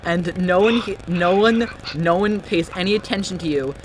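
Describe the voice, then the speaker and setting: A game master narrating a tabletop game in a rambling, halting way full of fillers. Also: mid-range voice, rough recording. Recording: background noise.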